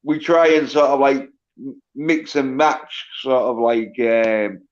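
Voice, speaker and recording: A man's voice: medium pitch, steady tone, takes it slowly, highs cut off. A man with a Hull accent, rambling through casual chat with lots of fillers. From England. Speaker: chat participant.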